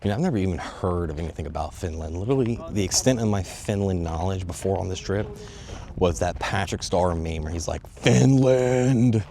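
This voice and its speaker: Deep-voiced young guy vlogging on foot. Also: brisk, creaky, slight background noise. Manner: excitable and joking, swears, talks straight to viewers. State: out of breath. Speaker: travel vlogger. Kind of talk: casual walking vlog talk. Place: outdoors and in stone tunnels of a sea fortress. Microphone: phone on a selfie stick.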